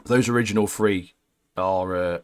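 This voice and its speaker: A young man co-hosting a casual gaming chat, blunt and opinionated, ending phrases with "mate" and dropping low. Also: steady tone, normal speed, clear, resonant tone. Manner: blunt, says "mate" constantly, trails off low at line ends. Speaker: co-host.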